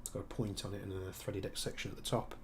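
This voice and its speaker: Gravelly Brummie man chatting while tinkering. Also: deep voice, little pitch movement, fast talker, slight background noise. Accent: Birmingham. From Birmingham, England. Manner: casual, chatty, explains as he works. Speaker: airsoft tech streamer. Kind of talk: live-stream build with Q&A.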